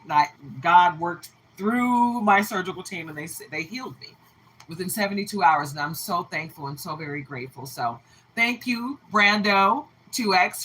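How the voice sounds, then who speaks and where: A woman's voice: medium pitch, sharp tone, slight background noise, poor audio. A woman reading tarot on a livestream, chatting in an emphatic, talkative way and greeting viewers by name. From Texas. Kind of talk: casual livestream chat.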